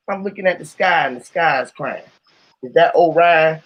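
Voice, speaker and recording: Man, swearing freely, rambling musings, somewhat high voice, muffled lo-fi sound. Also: a little fast, breathy edge. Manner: profane, musing, freewheeling. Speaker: vlogger. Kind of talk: casual rambling talk to camera.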